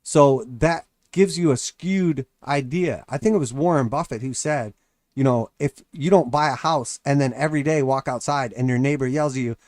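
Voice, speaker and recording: A man's voice: mid-range voice, moderate pace, darkish tone, no room sound, studio quality. A man hosting a casual market livestream, talking in a loose, rambling way and acting out quoted voices. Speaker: crypto and stock market livestream host.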